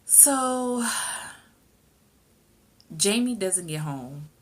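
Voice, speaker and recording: A woman reviewing a TV episode in casual chat, sassy and animated, often laughing. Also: mid-range voice, drawn-out words. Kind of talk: casual chat, recapping a show.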